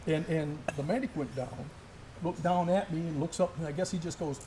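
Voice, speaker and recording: Laughing, animated man telling a war story. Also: fairly high pitch, brisk, background noise. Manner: animated storyteller, laughs through his words. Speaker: former Special Forces soldier. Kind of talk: casual chat, war story. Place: gun shop.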